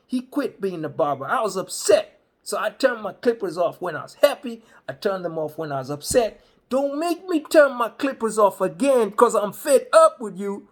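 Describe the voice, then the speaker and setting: A comedian voicing a suspicious, grumpy old male barber who rants loudly and accusingly in casual slang. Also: high voice, pitched above the performer's own voice. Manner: loud, accusing, rambling rant in casual slang. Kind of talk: stand-up storytelling.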